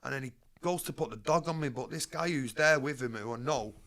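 Man, gravelly voice, mid pitch, blunt streetwise storytelling, interview guest. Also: fairly quick, a bit bright. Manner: blunt, streetwise, swearing freely.

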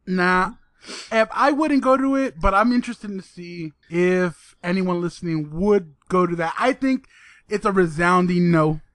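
A man's voice: high-pitched, a little slow, a bit bright, no echo. A young man co-hosting a podcast, talking casually and hesitantly with lots of restarts. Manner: hesitant, repeats words, laid-back. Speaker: podcast co-host. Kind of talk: casual chat.

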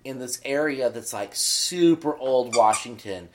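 A man co-hosting a casual podcast chat, telling stories in an animated way and acting out characters' lines. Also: mid-range voice, measured pace, noisy background. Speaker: podcast co-host.

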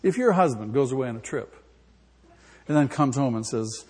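A man's voice: medium pitch, animated, moderate pace, a little mellow, slight background noise. A male pastor preaching an emphatic sermon in a church, putting questions to the congregation. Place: church sanctuary. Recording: long hall reverb.

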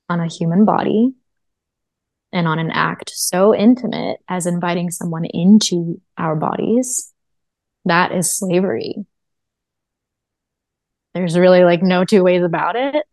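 Low, gravelly-voiced woman sharing testimony. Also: a little slow, long pauses, darkish tone, no room sound. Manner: earnest and reflective, with frequent fillers. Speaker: interview guest. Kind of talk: personal testimony in a podcast interview.

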